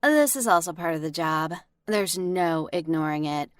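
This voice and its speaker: Young model narrating her animated story, calm, confiding, dry close sound. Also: sits low, moderate pace, no room sound. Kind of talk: scripted narration.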